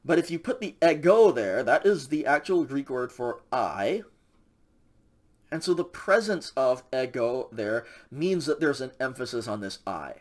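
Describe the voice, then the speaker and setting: A man's voice: medium pitch, animated, unhurried, darkish tone. A man teaching a recorded Greek grammar lecture in a casual way, with many fillers and frequent checks with the class. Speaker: Greek instructor.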